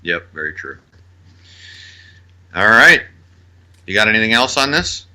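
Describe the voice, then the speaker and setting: Man, podcast co-host, very bright voice, casual chat, swears, trivia-heavy. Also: on the low side, sing-song, a little slow. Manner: loose and swearing, rattles off cast trivia.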